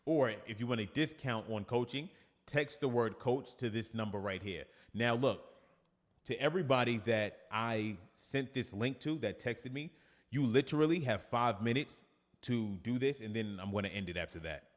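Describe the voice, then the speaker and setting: A man's voice: medium pitch, normal speed, big-room sound. A man with a New York accent, a fitness coach chatting casually on a livestream and reading viewer comments aloud.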